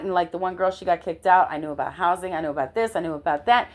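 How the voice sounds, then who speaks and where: A middle-aged woman telling a personal story in an animated way, often checking in with the listener. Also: on the low side, quick pace. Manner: animated, constantly checks in with "okay?".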